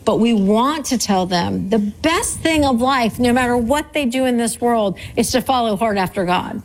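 A woman's voice: on the high side, expressive, moderate pace, a little hiss or hum, rough recording. A woman in her forties preaching a sermon on parenting in an earnest, conversational way, repeating her key points. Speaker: church speaker.

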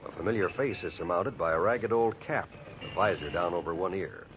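A male announcer setting the scene in smooth, measured 1940s radio style. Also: deep voice, a bit bright, a little hiss or hum. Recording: dull old radio recording with music.

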